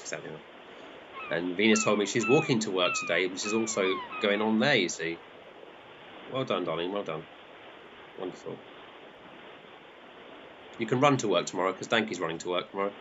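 Guy hosting his group, chatty and excitable, pitch bouncing all over, kinda dull sound with a faint hum. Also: moderate pace, long pauses. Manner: excitable, chatty, laughs often. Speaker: group host. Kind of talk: casual live commentary to a group.

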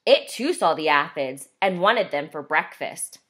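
A woman teacher reading a picture book aloud to young children, asking them questions as she goes. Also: deep voice. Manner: slow, expressive, asks children questions.

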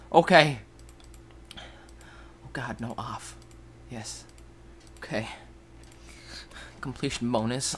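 A young man hosting a game video, giving goofy, jokey commentary that keeps jumping into silly high exclamations. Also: fairly bright tone, slight background noise. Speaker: gaming channel host. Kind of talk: let's play game commentary.

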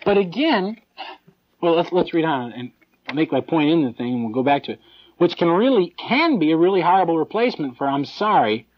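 Male preacher, loose conversational sermon, lively pitch, lo-fi live recording. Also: brisk. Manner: animated, conversational preaching with mocking asides and chuckles. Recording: dull lo-fi live tape.

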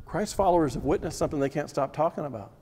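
A fast-talking male Bible teacher preaches a sermon, emphatic and repetitive, firing off pointed rhetorical questions. His voice is dark, slightly rough, and a bit high for a man, ringing in a big hall's long reverb.

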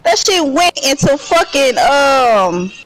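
A man playing a shooter game with a friend, chatting casually, excitable and quick to protest and joke. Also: very high-pitched, dry recording, low-quality recording. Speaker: gaming teammate. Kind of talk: casual gaming chat.

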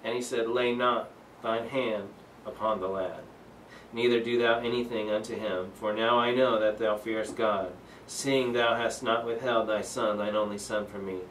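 A man's voice: fairly low pitch, fairly even intonation, moderate pace, roomy sound, distant mic, a little hiss or hum, poor audio. A man leading a Bible study, reading scripture aloud and explaining it earnestly, with many fillers and restarts. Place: church room.

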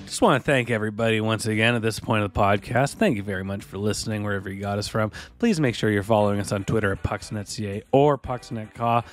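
A man hosting a hockey podcast, telling a story with animated quoted voices and reading show plugs. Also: on the low side, quick pace, few pauses, faint music behind. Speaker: podcast host. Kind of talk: casual chat and show plugs.

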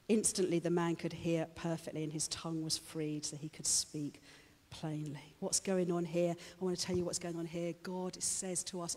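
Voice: medium pitch, little pitch movement, moderate pace, a little mellow. A preacher giving a sermon, chatty and joking with the congregation, then turning fervent and rousing. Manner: chatty, jokey asides to the congregation. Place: church hall with a congregation. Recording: long church-hall reverb.

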